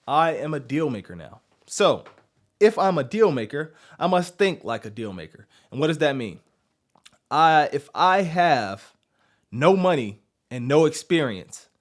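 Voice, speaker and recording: A man hosting a coaching podcast, talking punchy and direct, firing off rhetorical questions and answering them himself. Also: mid-range voice. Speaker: podcast host.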